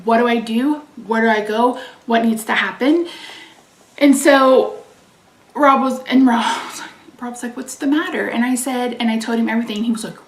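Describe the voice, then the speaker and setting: A woman hosting her own channel vents in casual chat about a frustrating phone call, swearing and reading viewer names aloud between sentences. Her voice is a little high with a steady tone and normal speed. She sounds far from the mic in an echoey room.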